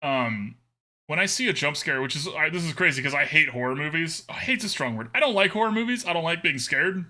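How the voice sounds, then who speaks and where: Bright, lively-voiced man streaming a game. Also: on the high side, fairly quick. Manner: chatty, answers chat, laughs often. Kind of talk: live gameplay commentary.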